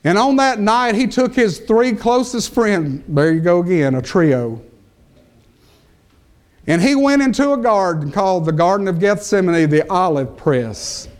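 A man delivers a sermon at a deliberate, unhurried pace, his voice sitting a little higher than most men's. He leans into key phrases with rising emphasis and lets pauses hang between them. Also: expressive. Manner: slow, emphatic preaching with pauses and rising peaks. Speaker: preacher.

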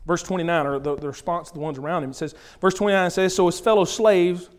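A man's voice: fairly high pitch, racing, clear, resonant tone. A man preaching a sermon, explaining scripture verse by verse in an earnest way.

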